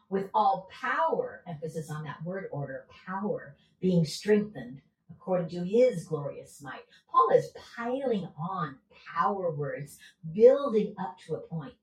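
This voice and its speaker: A woman's voice: on the low side, darkish tone. A woman teaching a Bible study. She talks with energy and often asks her listeners questions, then answers them herself. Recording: roomy echo, from a distance.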